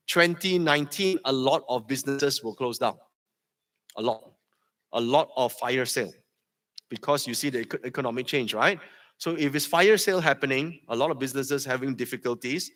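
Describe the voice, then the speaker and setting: A man with a Malaysian English accent giving a lively live seminar talk, quizzing the audience and tagging lines with "okay?". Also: medium pitch. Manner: energetic, quizzes the crowd, tags lines with "okay?". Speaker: seminar speaker.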